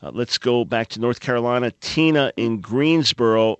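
A man's voice: mid-range voice, moderate pace, clear, resonant tone, no echo. A man hosting a Christian call-in radio talk show in a studio, speaking with an earnest, fervent preacher's delivery. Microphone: studio microphone.

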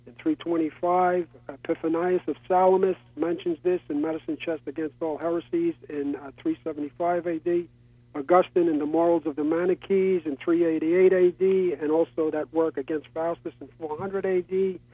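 A man's voice: a little high, fairly even intonation, moderate pace, dry recording. A man calling in to a radio show, earnestly listing sources with hesitant fillers, heard over a telephone. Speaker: caller. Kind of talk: call-in radio comment. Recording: tinny phone line.

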